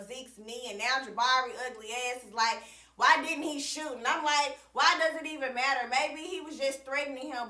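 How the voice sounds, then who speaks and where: A woman with a high, sharp voice chats through a TV episode recap, full of slang and casual cursing as she talks to her viewers. She sits back from the mic, and the room around her rings with echo. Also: recorded from a distance. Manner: chatty, slangy, addresses viewers as y'all, swears freely. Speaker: TV recap reviewer.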